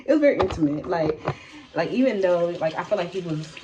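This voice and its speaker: A woman's voice: on the low side, expressive, a little fast, darkish tone, slight background noise, rough recording. A young woman telling a personal storytime in a casual vlog, blunt and profane, laughing often and tagging lines with "okay?".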